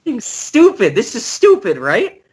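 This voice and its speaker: Podcast cohost guy, super lively pitch, swears a lot when something annoys him. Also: normal speed. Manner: incredulous, swears freely while ranting. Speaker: podcast co-host. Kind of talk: casual chat.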